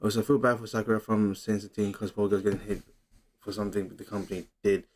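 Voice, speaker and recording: A man's voice: on the low side, flat delivery, fast talker, a little mellow. A young man hosting a casual livestream, chatting loosely, reading comments aloud and fumbling with his setup. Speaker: livestream host.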